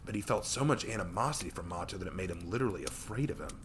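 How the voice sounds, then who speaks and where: A man streaming a reading of his own story, narrating with lively delivery and the odd slip. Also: low-pitched, rapid-fire, a little hiss or hum. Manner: lively reading, some slips and restarts.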